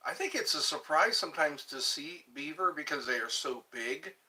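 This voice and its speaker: A man hosting a casual livestream, chatting slowly and rambling while greeting viewers and answering comments as he eats. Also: a little high, lively intonation, sharp tone. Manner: slow, rambling, chatty, restarts words, eating while talking. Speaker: livestream host. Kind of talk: casual live chat reading comments.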